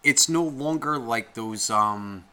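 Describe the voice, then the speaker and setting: A man's voice: mid-range voice, slow, pushed and bright. A young man co-hosting a podcast, ranting in a heated, rambling way and swearing constantly. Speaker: podcast co-host. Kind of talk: casual podcast rant.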